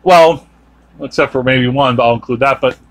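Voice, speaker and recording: A man's voice: mid-range voice, moderate pace. A man hosting a podcast, chatting casually and rambling with many fillers and restarts. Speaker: podcast host. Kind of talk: casual chat.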